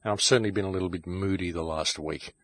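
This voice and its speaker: A man's voice: sits low, steady tone, quick pace, a bit bright. A man hosting his own show, delivering an impassioned, ranting monologue and calling his listeners "folks", recorded in a home shed. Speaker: show host.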